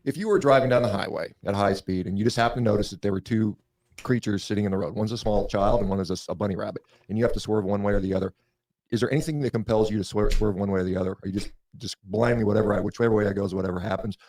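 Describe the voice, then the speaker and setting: A man who is a doctor answers a debate opponent quickly. His voice sits fairly low. He hedges constantly, restarting phrases and leaning on "I mean.". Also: steady tone, a little mellow. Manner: hedging, restarts, many "I mean"s. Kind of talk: debate reply.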